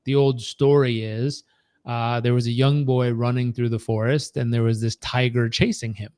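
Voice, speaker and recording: A man's voice: mid-range voice, steady tone, moderate pace, darkish tone, clean tone, no echo. Earnest man coaching, dry sound. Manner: earnest, repetitive storytelling. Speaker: performance coach. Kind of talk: live training talk.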